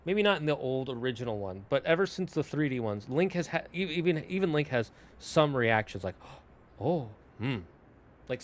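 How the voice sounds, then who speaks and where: Rambling young man chatting on stream. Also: medium pitch. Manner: rambling, self-correcting, talks in asides to chat. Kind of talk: casual chat to a live stream.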